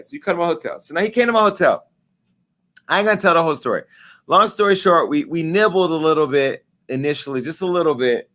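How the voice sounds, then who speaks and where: Man, forties, talk show host, casual profane storytelling, acts out dialogue, slightly high pitch. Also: fast. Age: 40s. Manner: animated, acts out quoted dialogue with pitch jumps.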